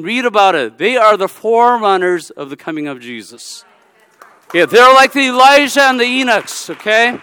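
Male preacher, high and clear, animated sermon delivery with repeated "okay?", in a reverberant hall. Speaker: pastor.

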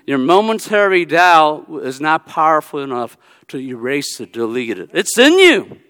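A man preaching a sermon, animated and repetitive, often checking in with "okay?". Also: a little high, moderate pace, dry recording, in a large hall, poor audio. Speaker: pastor.

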